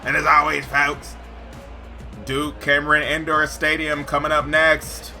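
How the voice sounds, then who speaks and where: Young gamer dude hyping up his basketball game, slangy, super sharp voice, faint music behind. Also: on the high side, monotone, normal speed, creaky. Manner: hyped, slangy, talks to viewers as folks. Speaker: gaming YouTuber. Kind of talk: gameplay commentary.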